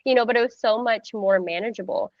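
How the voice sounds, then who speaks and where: A woman in her thirties telling her birth story in a casual, animated way, full of "like" and acted-out quotes. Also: fairly high pitch, brisk, no room sound, highs cut off. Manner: animated, heavy use of "like", acts out quoted voices. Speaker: podcast guest sharing a birth story.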